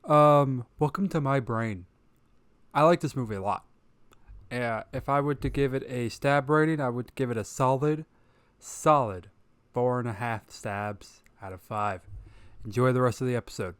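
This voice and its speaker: This man has a smooth, crisp voice that sits at a middle pitch. It is recorded close and dry. He delivers a relaxed podcast voice-over aside and stops often for fillers. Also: moderate pace, dry recording. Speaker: podcast co-host.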